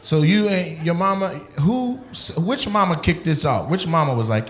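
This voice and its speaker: A man's voice: on the high side, animated, a bit bright. A male comedian doing profane, teasing crowd work with audience members. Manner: teasing, profane, quick banter. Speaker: stand-up comedian.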